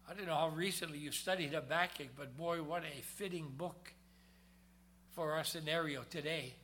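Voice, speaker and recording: A man preaching a sermon who swings between loud emphasis and hushed low tones and slows down to read scripture. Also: steady tone.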